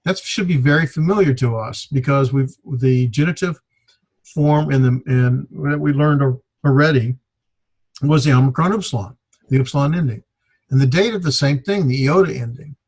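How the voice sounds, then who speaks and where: A man teaching a Greek grammar class, explaining in a halting way with many fillers. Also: medium pitch, a little mellow, breathy edge. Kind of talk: classroom lecture.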